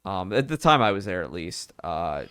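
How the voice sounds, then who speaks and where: A man's voice: low-pitched, big pitch swings, normal speed, background noise. A man from the Philadelphia area talking casually and rambling while playing a game. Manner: rambling, restarts often. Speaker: gaming streamer. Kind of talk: casual gameplay commentary.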